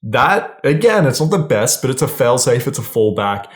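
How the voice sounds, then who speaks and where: A man's voice: mid-range voice, sing-song, normal speed. A man giving casual, blunt dating advice straight to camera, swearing freely and often checking in with "right?". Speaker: dating coach.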